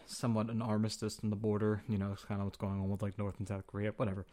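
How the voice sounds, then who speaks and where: Flippant, profane young man, lowish voice. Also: completely flat delivery, racing, warm tone. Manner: flippant, profane, slangy, acts out quotes. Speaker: podcast host. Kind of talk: casual opinion monologue.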